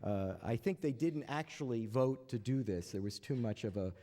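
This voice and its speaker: Lively intonation and a dark tone mark this medium-pitched man, who speaks at a moderate pace while opening a panel in front of an audience. His hesitant, filler-heavy lines, thick with "uh"s, are broken up by dry, wry jokes, heard in a reverberant large lecture hall.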